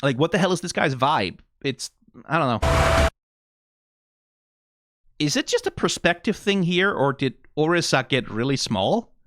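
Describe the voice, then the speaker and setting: A man's voice: fairly high pitch, very animated, measured pace, pauses often, noisy background. A man with a Danish accent giving casual, rambling commentary as a reaction YouTuber, swearing and firing off rhetorical questions. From Denmark. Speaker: video game reaction YouTuber.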